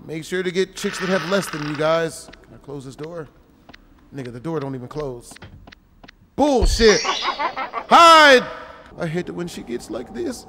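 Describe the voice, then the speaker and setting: A man hosting a gaming channel, giving crude, profane, jokey commentary with shouted reactions on a noisy desk mic. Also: on the high side, brisk. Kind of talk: crude, loud gameplay commentary.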